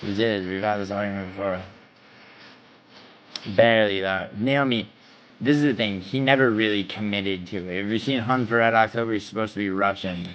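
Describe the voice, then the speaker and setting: Brash, foul-mouthed low-voiced streamer. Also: male voice, steady tone, moderate pace, fairly bright tone, muffled recording. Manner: brash, profane, trash-talking banter. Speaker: livestream host. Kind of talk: casual livestream chat, answering viewers.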